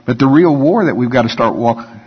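A man's voice: medium pitch, animated, brisk, a little hiss or hum. A man preaching a conversational sermon, joking and acting out whiny voices. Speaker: pastor. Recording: dull sound with long hall reverb.

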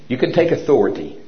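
Animated man preaching a sermon. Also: medium pitch. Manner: storytelling, animated, commanding declarations. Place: church service with congregation. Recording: dull lo-fi recording.

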